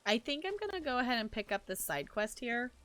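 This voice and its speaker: A woman's voice: a little high, very animated, brisk, a bit bright. A woman game streamer chatting casually as she plays, thinking aloud and laughing often. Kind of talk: casual chat while playing a game.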